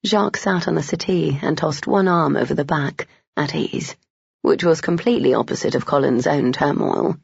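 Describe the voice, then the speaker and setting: An audiobook narrator reading a romance novel in a measured storytelling manner. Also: medium pitch, creaky, breathy edge, no room sound, dull audio.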